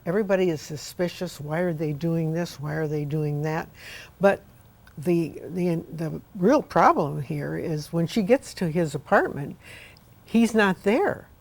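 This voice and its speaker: A woman's voice: deep voice, a little slow, gravelly, darkish tone. A middle-aged woman hosting a casual book discussion, chatty and asking her guest questions. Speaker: host.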